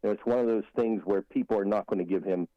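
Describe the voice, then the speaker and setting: A man's voice: fairly low pitch, fairly even intonation, quick pace, dry recording. Man on a call, rambling emphatic commentary, muffled dry sound. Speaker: political commentator guest. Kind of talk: casual talk radio commentary.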